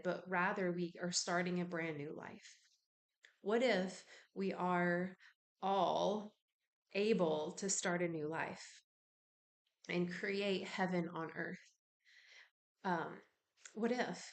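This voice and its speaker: A woman who works as a spiritual practitioner, talking casually and meanderingly about spiritual ideas to her viewers, with lots of fillers and side tracks. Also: on the low side. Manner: meandering, with many fillers and digressions. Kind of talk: casual spiritual musing to camera.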